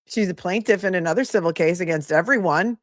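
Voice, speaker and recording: A woman's voice: fairly low pitch, quick pace, no room sound, studio quality. A woman with a Boston accent hosting commentary on a court hearing, sarcastic and full of rhetorical questions. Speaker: host.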